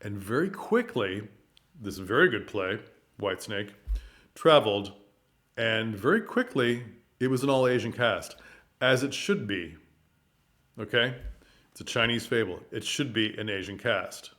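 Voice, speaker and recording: A man giving a casual spoken commentary on theater, animated and full of rhetorical questions, sometimes tripping over his words. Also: fairly low pitch, unhurried, pauses often.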